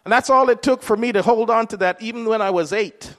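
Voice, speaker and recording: A man with a high voice delivers a sermon in a relaxed, conversational way. He keeps asking his listeners questions as he goes. His voice rings with a long reverb, as if it were recorded in a hall. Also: fast. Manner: conversational preaching, rhetorical questions. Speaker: preacher.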